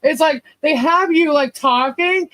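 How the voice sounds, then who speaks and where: A podcast co-host in casual chat, easygoing and quick to laugh. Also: high-pitched, sharp tone, no room sound.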